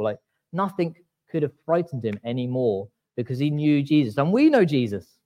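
A man preaching a sermon in a church, talking casually and with wry asides, slowing down to read scripture aloud. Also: mid-range voice, big pitch swings, a little mellow.

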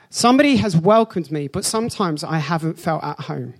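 A man, preaching a sermon and telling personal stories with animated, jokey reactions. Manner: animated storyteller, jumps into high excited voice for his own reactions; slows down and softens for the spiritual point. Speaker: pastor.

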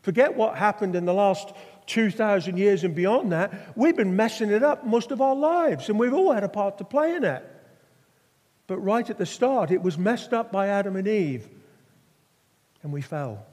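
A man's voice: sits high, animated, moderate pace, darkish tone. An older man from Norfolk, England, preaching a sermon with stories and rhetorical questions. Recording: long hall reverb.

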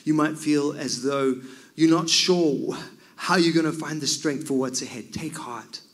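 A man preaching a sermon, swinging from loud cries down to near whispers. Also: fairly high pitch, unhurried.

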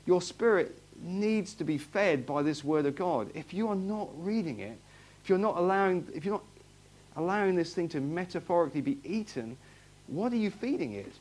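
Man, sermon, conversational, questioning, slightly high voice. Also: animated, normal speed, darkish tone. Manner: conversational, repeats himself, asks the congregation questions. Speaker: pastor. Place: church hall, in front of a congregation.

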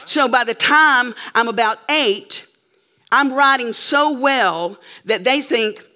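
A woman's voice: fairly high pitch, takes it slowly, pushed and bright. A woman preacher telling a story in a sermon to a live audience, emphatic and checking in with her listeners often.

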